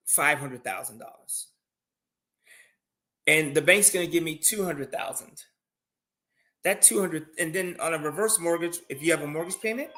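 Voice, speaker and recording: A man giving casual advice on loans and side businesses in a live conversation, telling stories with many restarts. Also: fairly high pitch. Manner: animated storytelling, many restarts. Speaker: guest finance speaker.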